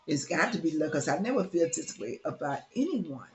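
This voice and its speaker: A woman's voice: sits low, sing-song, a little fast, a little mellow, pitched below the performer's own voice. A woman as a lovestruck, stubborn teenage girl. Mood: pleading. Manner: gushing, pleading.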